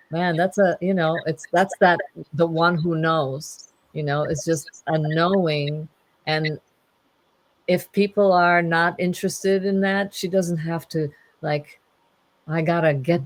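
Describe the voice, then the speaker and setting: A woman's voice: on the low side, flat delivery, slow pace, dry recording, rough recording. A woman in casual conversation who teases in a playful way and laughs often. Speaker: podcast host.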